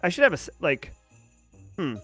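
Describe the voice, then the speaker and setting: A man's voice: high voice, sing-song, moderate pace, sharp tone, slightly rough, soft background music. A man hosting a livestream, reading news headlines and riffing on them in casual commentary, answering chat as he goes. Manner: chatty, reads headlines then riffs and answers chat. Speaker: livestream host.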